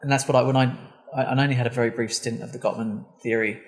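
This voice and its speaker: A man's voice: medium pitch, steady tone, fast. A man hosting a casual podcast, thinking aloud in rambling sentences. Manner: thoughtful, rambling with restarts. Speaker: podcast host.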